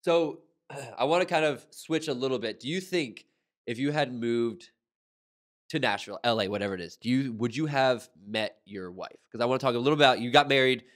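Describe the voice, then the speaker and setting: A man's voice: medium pitch, brisk, fairly bright tone. A man hosting a casual interview in a laid-back manner. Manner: laid-back, lots of "like" fillers. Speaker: interview host.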